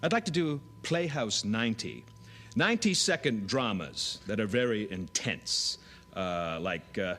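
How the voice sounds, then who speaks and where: A man at a comedy audition, casually and playfully pitching his ideas to camera, with hesitant fillers between bits. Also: lively intonation, unhurried, fairly bright tone.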